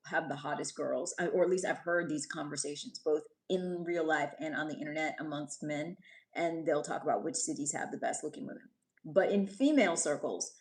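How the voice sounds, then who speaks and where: A woman's voice: on the low side, a little mellow. Teasing woman chatting on a livestream. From New York City. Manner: chatty, teasing, scolds crude commenters. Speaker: livestream host. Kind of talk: casual live-stream chat reading comments.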